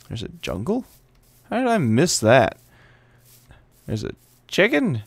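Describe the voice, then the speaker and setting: A man's voice: medium pitch, huge pitch swings, slow pace, gravelly, long pauses, slightly rough, no room sound. A man giving casual let's play commentary and playfully chatting to the animals in the game. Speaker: gameplay commentator.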